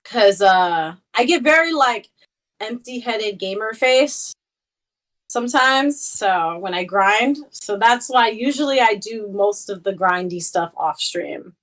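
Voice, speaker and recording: A woman's voice: mid-range voice, expressive, slow pace, a bit bright. A young woman streamer in a casual chat, talking freely with many fillers and a playful tone. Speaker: Twitch streamer, guest.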